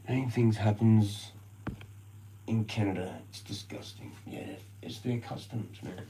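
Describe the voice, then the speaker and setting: A man's voice: fairly low pitch, steady tone, a little slow, warm tone, a little hiss or hum, poor audio. An Australian man ranting casually on a live stream, rambling and swearing constantly in slang.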